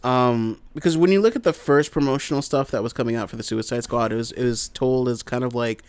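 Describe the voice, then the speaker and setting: A man's voice: mid-range voice, fairly quick, clean tone, dry recording. A man co-hosting a casual podcast who steers the talk from topic to topic, swearing casually. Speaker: podcast co-host. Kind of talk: casual chat.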